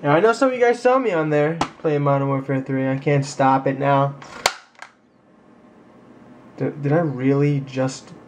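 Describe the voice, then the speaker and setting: A young man chatting casually in a daily vlog, goofy and excitable, filming himself on a handheld camera as he goes about his day. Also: medium pitch, moderate pace, long pauses. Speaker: daily vlogger. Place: on the go, in a car and at work. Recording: noisy background.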